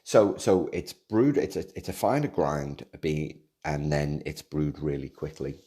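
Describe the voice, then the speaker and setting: Very deep-voiced, mellow rambling man. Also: a little slow. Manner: rambling, restarts and repeats words, self-deprecating humor. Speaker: podcast host. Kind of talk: casual solo podcast monologue.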